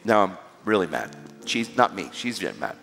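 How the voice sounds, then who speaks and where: A man preaching a sermon, telling a story with animated, emphatic exhortations. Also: deep voice, moderate pace, vocal fry. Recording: reverberant hall with music behind.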